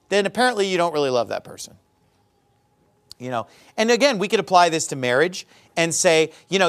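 A man preaching a sermon, quoting scripture in old wording and explaining it with lively asides. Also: high voice. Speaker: pastor.

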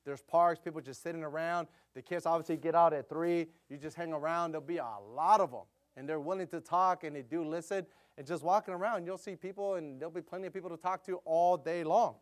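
A middle-aged man preaching a casual sermon, telling stories in a chatty way with lots of "you know" fillers and growing louder when he gets excited. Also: a little high, a little fast, hardly any pauses. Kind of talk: conversational sermon with storytelling.

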